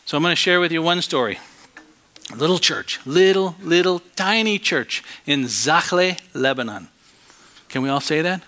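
A man preaching a sermon, telling a story and swinging from hushed tones to loud outbursts. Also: on the high side, lively intonation, moderate pace.

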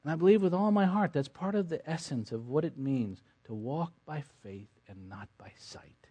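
A man preaching a sermon, swinging between quiet, low passages and forceful, emphatic stretches, and ending in prayer. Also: lively intonation, normal speed, few pauses, breathy edge.

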